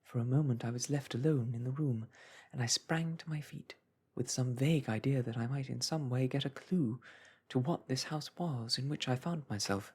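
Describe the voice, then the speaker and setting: A man reading a classic story aloud in a hushed, soothing whisper, as a calm storyteller. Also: medium pitch, moderate pace, husky.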